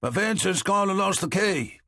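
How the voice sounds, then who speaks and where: A man voicing a male criminal with a rasping voice, teasing his partner in rough slang. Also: high voice, animated, normal speed, bright, forceful tone, dry recording, studio quality, pitched above the performer's own voice, heavily acted.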